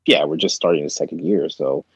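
A man's voice: extremely low pitch, brisk, gravelly, breathy edge, no room sound, poor audio. A man in a casual chat, rambling with many restarts and fillers, as a podcast co-host.

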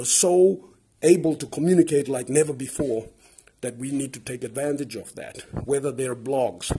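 A man's voice: medium pitch, dark tone, breathy edge. A man from Papua New Guinea with a Papua New Guinean English accent, hosting a podcast and speaking in an earnest, impassioned way, repeating words and building up lists. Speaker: podcast host. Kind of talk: earnest advocacy podcast monologue.

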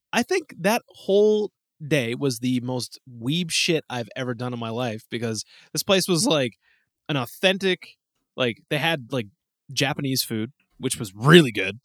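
Man, casual podcast chat, animated storyteller, swears freely, dry close sound. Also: mid-range voice, no room sound.

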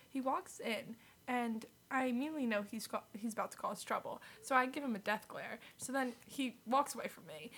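Young woman chatting on a podcast, kinda husky, a bit high, says like a lot. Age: young adult. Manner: chatty storytelling, heavy use of "like", quick to laugh. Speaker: podcast co-host. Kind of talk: casual chat.

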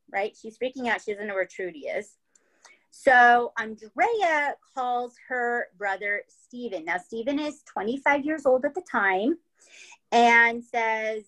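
Over poor audio, a woman with a fairly high, animated, slightly bright voice speaks a little slowly. She hosts a podcast, telling a true-crime story casually and chattily, swearing freely and often checking in with "right?" and "okay?".

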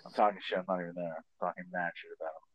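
A comedian co-hosts a casual podcast, telling animated anecdotes in which he acts out voices and swears freely. His voice is low and he talks rapid-fire. The audio is dull, with no echo.

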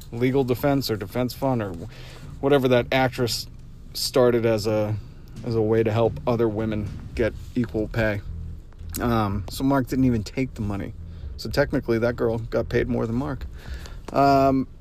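A man hosting a solo podcast, ranting in an animated, joking way. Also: mid-range voice, slight background noise. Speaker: podcast host. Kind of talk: casual solo podcast rant. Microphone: podcast microphone.

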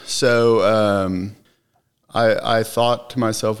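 A middle-aged man earnestly recounting his recovery story in conversation, halting with many fillers. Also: deep voice, fairly even intonation, gravelly. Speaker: podcast guest.

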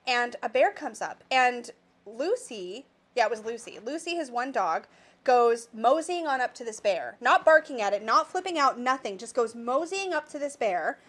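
A woman's voice: fairly high pitch, expressive, moderate pace, a bit bright. A woman with a Canadian accent, co-hosting a casual podcast and telling a rambling story full of asides. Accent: Canadian English. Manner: chatty storyteller, many restarts and quoted asides. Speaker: podcast co-host. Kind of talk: casual chat.

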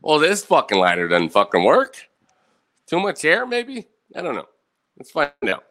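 A man's voice: a little high, wildly swooping pitch, normal speed, pushed and bright. A man hosting his own live online show, ranting angrily and swearing constantly, checking in with "right?" after each point. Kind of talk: angry profane livestream rant. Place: indoor room with bright light and a fan.

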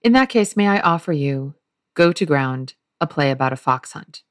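A woman's voice: sits low, lively intonation, moderate pace, no echo, studio quality. A woman reading a wry young man who addresses a theatre audience in a play.

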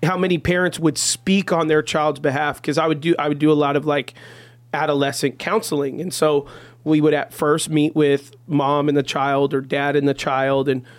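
A man's voice: a little high, flat delivery, moderate pace, no room sound. A man who is a pastor, talking on a podcast in an earnest storytelling way, often saying "you know". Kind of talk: casual podcast conversation.

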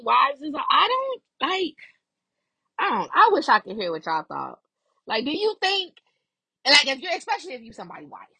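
Animated, cussing woman podcast host. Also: on the high side, breathy edge, no room sound. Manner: animated, profane, laughing often. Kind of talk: casual gossip commentary.

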